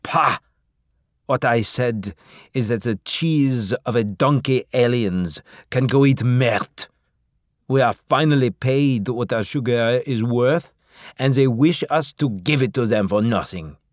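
A man's voice: mid-range voice, takes it slowly, dry recording, studio quality, lightly acted. A man voicing an angry Quebecois maple worker who rants crudely, with a thick Quebecois French accent. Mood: indignant. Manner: crude ranting, drawn out. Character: gruff Quebecois maple worker, male, furious.

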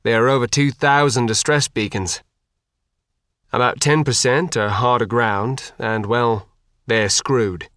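A steady, practical middle-aged father who explains plans in a dry, even way, as a male narrator reads him. His voice sits at an everyday pitch and is recorded dry and close. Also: unhurried, no echo, close to an everyday voice. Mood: explaining.

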